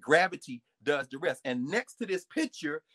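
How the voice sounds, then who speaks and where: A man, a professor, talking in an energetic storytelling way and acting out little asides and voices. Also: on the high side, normal speed, no room sound. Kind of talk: animated lecture-style talk.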